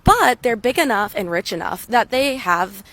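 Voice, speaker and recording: A woman's voice: a little high, very animated, moderate pace, a bit bright. A woman from the Valley with a mild Valley girl accent, ranting bluntly and casually in commentary full of "like" and swearing. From San Fernando Valley, California. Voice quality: frequent "like" fillers, blunt and profane. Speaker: commentator reacting to a film scene.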